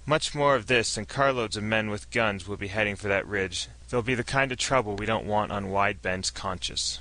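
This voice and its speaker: Level-headed small-town man running a meeting, read by a male narrator, firm and reasoning, bright tone. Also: lowish voice, normal speed, rough recording.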